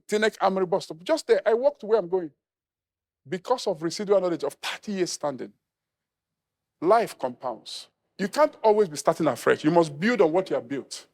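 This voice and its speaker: A middle-aged man from Nigeria, a pastor preaching a humorous, animated sermon and acting out quoted voices. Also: sits high.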